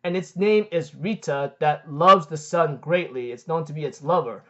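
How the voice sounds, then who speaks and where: A man retelling the lines of an arrogant, boastful male warrior in a slow, proud way. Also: fairly high pitch, sharp tone, pitched below the performer's own voice. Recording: dull lo-fi recording.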